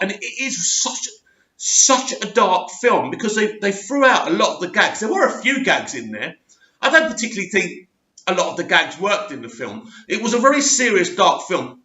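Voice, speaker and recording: A man's voice: on the high side, pushed and bright. A man hosting his own channel, talking through his opinions in a casual, rambling, emphatic way. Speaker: YouTube channel host. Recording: echoey room, dull lo-fi sound.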